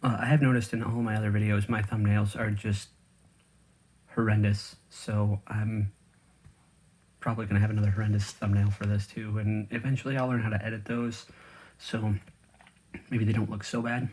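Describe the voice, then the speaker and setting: A man's voice: on the low side, flat delivery, moderate pace, long pauses, a little mellow, a little hiss or hum. A man vlogging casually while he eats, rambling with lots of fillers and talking with food in his mouth. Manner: rambling, with many fillers and restarts. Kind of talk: casual chat while eating.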